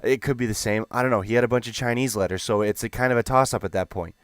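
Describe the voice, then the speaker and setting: A young man telling a gaming story in a rambling, animated, profane way. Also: medium pitch, quick pace, clear, resonant tone, no room sound, clean studio sound. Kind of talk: casual storytelling.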